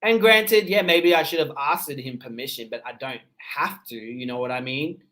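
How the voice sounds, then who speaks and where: A man with an Australian accent softened by his parents' Seychellois English, talking at an ordinary middle pitch. He hosts a casual livestream, relaxed and conversational, reading out viewer comments and answering with easy laughs. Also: moderate pace. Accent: Australian, mixed with his parents' Seychellois English. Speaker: livestream host.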